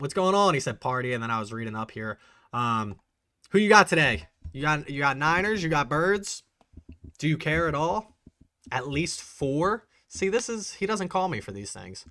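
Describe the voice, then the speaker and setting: Man, livestream host, casual chat with viewers, excitable, bright tone. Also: a little high, dry recording, clean studio sound. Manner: chatty, reads and answers live chat, excitable. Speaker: bourbon channel host.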